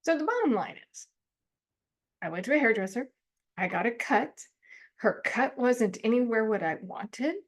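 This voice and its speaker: A middle-aged woman talks through a self-counseling lesson in a friendly, conversational way. Her voice sits a little high, and she breaks into laughs and quick acted-out complaints as she explains. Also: expressive. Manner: chatty, laughs often, acts out her own complaints. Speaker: counselor teaching self-help skills. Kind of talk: informal teaching monologue.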